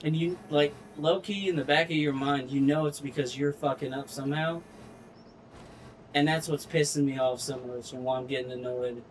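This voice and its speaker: A gaming streamer with a fairly high, evenly pitched voice talks through his own gameplay in casual commentary, with a faint hiss or hum in the background. He's frustrated and swears constantly, coaching himself through each step in a slow drawl.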